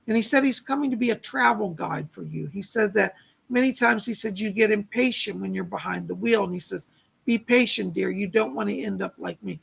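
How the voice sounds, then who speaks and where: Man, psychic medium, hoarse, gravelly, husky, live-stream readings, thanks donors. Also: high voice, a little fast, fairly bright tone. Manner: relays spirit messages, thanks donors by name. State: losing his voice, clearing his throat.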